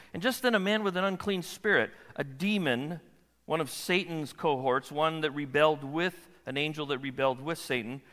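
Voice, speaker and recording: A man preaching a sermon as a pastor, animated and often checking in with the audience. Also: medium pitch, in a large hall. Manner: animated, asks the audience questions.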